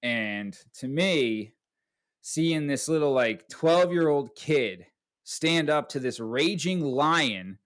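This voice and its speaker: A man's voice: a little high, animated, takes it slowly, a bit bright. Swearing man telling a story. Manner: profane, tags lines with "right?". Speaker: podcast host. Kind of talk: casual podcast storytelling.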